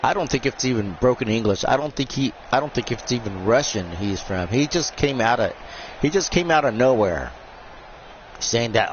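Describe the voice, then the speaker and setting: A man's voice: mid-range voice, expressive, normal speed, muffled recording, slight background noise. Rambling jokey male game commentator. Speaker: host and commentator. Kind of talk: live-stream wrestling game commentary.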